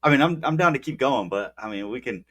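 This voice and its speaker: A man's voice: mid-range voice, lively intonation, fast talker, a bit bright. A man co-hosting a podcast, telling a rambling story in casual chat with lots of "like" and restarts. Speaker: podcast co-host.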